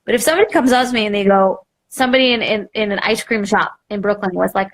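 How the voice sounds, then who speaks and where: A young woman, a podcast host, candidly telling her story in a live interview, self-mocking and animated, full of "like" and acted quotes. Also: fairly high pitch, fast talker, few pauses, slight background noise.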